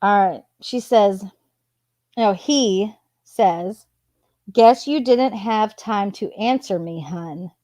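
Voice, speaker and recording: A woman hosting her channel, reading text messages aloud in a plain, unhurried way and adding casual asides between them. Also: medium pitch, dark tone, dry recording. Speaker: channel host.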